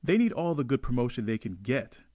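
A man from Jamaica hosting a radio show, giving emphatic opinionated commentary that swings from low asides to excited highs. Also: a little fast, no room sound, studio quality.

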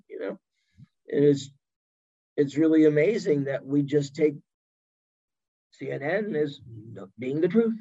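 A man who is a guest on a podcast, telling stories in an animated way and acting out the voices of the people he quotes. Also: mid-range voice, creaky, breathy edge, dull audio. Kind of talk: storytelling in an interview chat.

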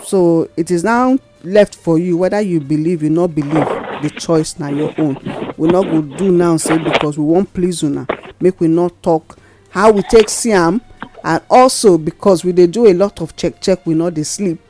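A woman's voice: on the low side, normal speed, over music. A woman co-hosts a radio show from the studio in a Nigerian Pidgin accent. She talks casually and with animation, often pushing her voice up for emphasis. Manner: animated, laughing, rising emphatic lines. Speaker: radio co-host.

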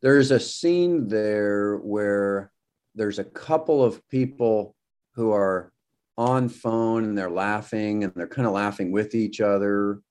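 A man in a casual group chat, retelling a film scene in a loose, animated way. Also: fairly low pitch, takes it slowly, clean tone. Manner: animated, loose storytelling with "kinda" and "like".

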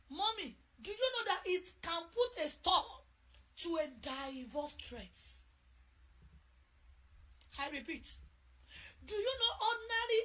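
A middle-aged woman with a Nigerian accent preaching a sermon, repeating key phrases and shouting them for emphasis. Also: very high voice.

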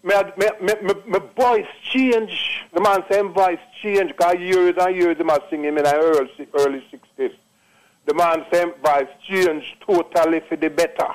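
A man in his late sixties with a Jamaican accent calls into a radio show, his fairly high voice holding an even intonation at normal speed over a low-quality line. He tells a long testimonial in an emphatic, repetitive patois style.

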